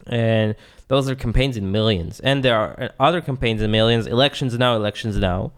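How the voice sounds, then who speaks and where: A man's voice: mid-range voice, a little fast, clear, resonant tone. A man co-hosting a podcast in casual chat, tossing in dry, wry remarks. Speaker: podcast co-host.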